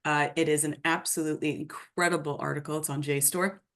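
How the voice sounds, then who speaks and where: Woman host, lowish voice, giggly and chatty. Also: fairly even intonation, a little fast. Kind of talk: casual chat.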